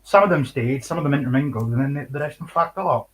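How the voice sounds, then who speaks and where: A man's voice: mid-range voice, quick pace, fairly bright tone, rough recording. Sweary scornful Scottish man. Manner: sweary, scornful, laughs between points. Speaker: livestream host. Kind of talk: casual chat.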